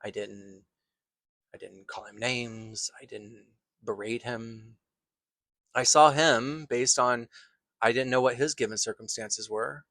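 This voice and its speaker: A man who teaches acting tells a personal story in an earnest, thoughtful way, pausing and restarting phrases as he goes. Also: medium pitch, fairly even intonation, fairly bright tone, no room sound.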